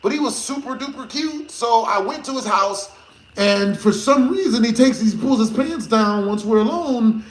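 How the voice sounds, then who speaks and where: A man's voice: extremely high pitch, moderate pace. A man quoting his naive young ex-girlfriend in a slightly raised voice. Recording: echoey room with faint noise.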